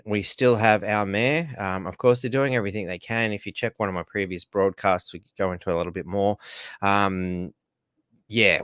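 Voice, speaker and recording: A deep, smooth-voiced Australian man hosting a casual livestream, rambling along and greeting viewers by name. He sounds a little groggy from painkillers, and the recording is close and dry. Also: a bit bright, no room sound. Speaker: livestream host.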